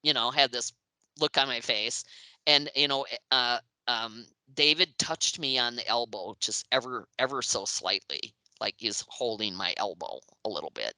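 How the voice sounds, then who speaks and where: A woman in her sixties recounts old memories as an interview guest, her voice bright and forceful. She performs the quoted lines of others and laughs as she goes. The sound is close and dry. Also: very deep voice, normal speed, dry recording, low-quality recording. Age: 60s. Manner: lively, acts out quoted voices, laughs often. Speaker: interview guest, music writer. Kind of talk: anecdotal storytelling in an interview.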